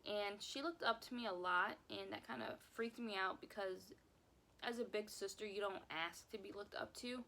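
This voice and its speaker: A young woman with a creaky, gravelly edge shares a personal story in a casual vlog. She talks in an emotional, rambling way, circling back over her words. A faint hum sits behind her voice. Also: mid-range voice, normal speed, sharp tone. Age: young adult. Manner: emotional, rambling, repeats herself. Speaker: vlogger.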